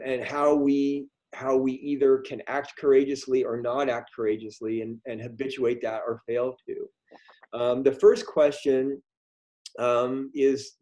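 A middle-aged man telling a story on a video call, halting, with many ums and restarts. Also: mid-range voice, mellow. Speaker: guest speaker. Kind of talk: storytelling talk in a virtual meeting.

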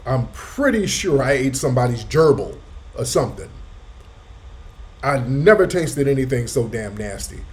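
Animated man telling a story. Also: moderate pace. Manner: animated storytelling, rising pitch for emphasis; profane, street slang. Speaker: host. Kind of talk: casual livestream chat.

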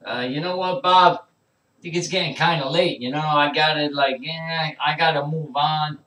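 Teasing, rapid-fire comedy host man. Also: on the high side, fairly even intonation, sharp tone. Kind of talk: improvised comedy banter. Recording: echoey room, voice far from mic.

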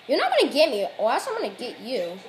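A woman commentating a video game she is playing, excitable, full of exclamations and trash talk. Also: on the high side, fast. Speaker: gaming commentator. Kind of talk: gameplay commentary.

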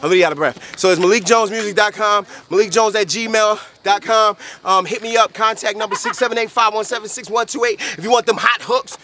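A man's voice: high voice, steady tone, brisk, hardly any pauses, pushed and bright, slight background noise. A man who raps and sings, joking around in slangy, rhyming banter on a music video set. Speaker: rapper and singer. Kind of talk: playful behind-the-scenes banter. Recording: roomy sound from a distant camera mic with music.

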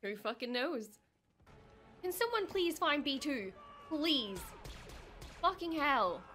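Excitable woman, lively swings, slightly high, cusses freely; reaction streamer. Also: slow, soft background music. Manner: excitable, swears freely, laughs and gasps often. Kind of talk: live reaction commentary.

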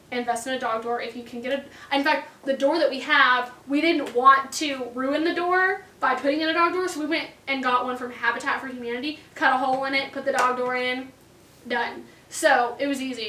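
A woman's voice: high-pitched, pushed and bright, echoey room, distant mic, a little hiss or hum. A woman showing off her dog's tricks in a chatty, casual talk, laughing often. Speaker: dog owner showing tricks. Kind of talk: casual chat.

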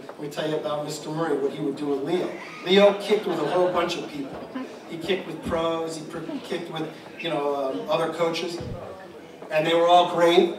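Guy giving a rambling tribute speech, kinda high voice, big echoey hall, mic far off. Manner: rambling, with frequent restarts and repeated words. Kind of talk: public speech at an event. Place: large echoey room with an audience. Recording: echoey hall audio from a distant mic with background noise.

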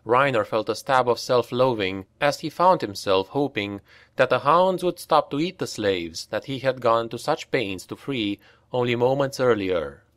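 A man narrating a dark fantasy audiobook in a grave, unhurried storytelling voice, on a close mic. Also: mid-range voice, lively intonation, no echo. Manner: unhurried, grave storytelling that lifts for shouted dialogue.

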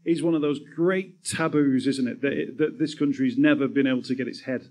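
A man's voice: medium pitch, normal speed, a little mellow. A man hosting a live on-stage interview, earnest and repeating words as he builds his thoughts. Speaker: podcast host, interviewer.

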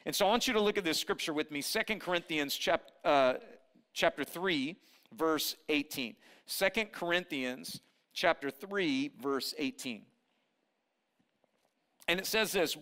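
A man preaching a sermon at a church service, energetic, calling on the congregation to repeat and shout after him, with playful teasing asides. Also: a little high. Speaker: pastor.

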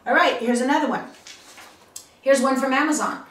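A woman's voice: high voice, moderate pace, pauses often, a bit bright, recorded from a distance. Chatty woman teaching, echoey room. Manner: chatty, emphatic, checks in with "okay?" and "all right?". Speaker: channel host teaching online safety. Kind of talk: casual tutorial. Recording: roomy, from the mic.

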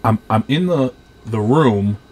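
A man in his thirties from Rhode Island, co-hosting a podcast and telling a profane, animated story in casual chat. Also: mid-range voice, measured pace, slight background noise. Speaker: podcast co-host.

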